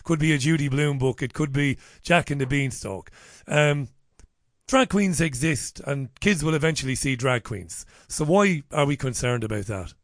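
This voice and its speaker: A man's voice: mid-range voice, normal speed, dry recording. Chatty male radio host, dry studio sound. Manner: chatty, jokey, lively banter. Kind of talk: radio interview.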